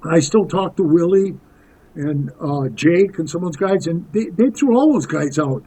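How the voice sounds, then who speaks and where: A man's voice: fairly high pitch, lively intonation, moderate pace, dark tone, breathy edge, low-quality recording. A man in his sixties telling rambling, tough-talking stories as a podcast guest, calling the host "bro.". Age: 60s. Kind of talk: casual storytelling interview.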